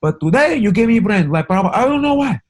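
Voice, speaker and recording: A man's voice: high voice, very animated, a little fast, voice pushed up. A man mimicking a grumpy old Puerto Rican shopkeeper. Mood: irritated.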